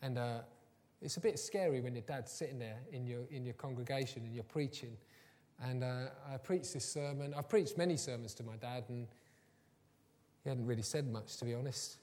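A man preaching a sermon, telling personal stories, moving from quiet and low to loud and emphatic. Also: normal speed. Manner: warm storytelling, swings from soft and low to loud and emphatic. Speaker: pastor. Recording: long hall reverb.

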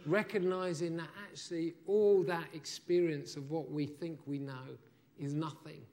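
A man preaching a sermon, telling a Bible story with lively, acted-out lines and asides to the congregation. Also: fairly high pitch, measured pace. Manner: animated storytelling, acts out the disciples' lines.

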